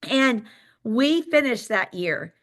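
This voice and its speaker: High, bright woman. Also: slow. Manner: excited, emphatic storytelling with faith talk. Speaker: sales director giving a motivational talk. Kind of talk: motivational storytelling on a call.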